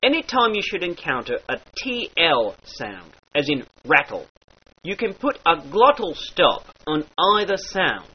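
A man teaching the sounds of an old-style dialect, with slow demonstrations and mock-archaic phrasing. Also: a little high, sing-song, slightly rough. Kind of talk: instructional lesson with example phrases. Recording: dull lo-fi recording.

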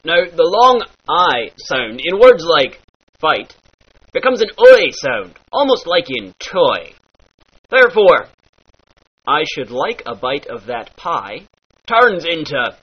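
Taking it slowly, an accent teacher with a high-leaning, breathy-edged voice and big pitch swings gives a playful lesson in pirate talk. He speaks in mock-archaic phrasing and demonstrates each sound, recorded in dull lo-fi.

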